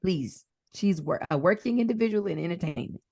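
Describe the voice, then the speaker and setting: A woman co-hosting a casual podcast, talking in an animated, profane way and slipping into mimicked voices. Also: fairly low pitch, fairly quick, gravelly, dry recording, studio quality. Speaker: podcast co-host. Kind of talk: casual chat.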